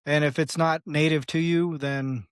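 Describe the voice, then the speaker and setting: A guest on a podcast, a man with a somewhat high voice who talks at length in a loose, animated way. He acts out little dialogues, laughs often and swears freely. The recording is close and dry, with no room echo. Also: normal speed, clear, resonant tone. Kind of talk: casual interview talk.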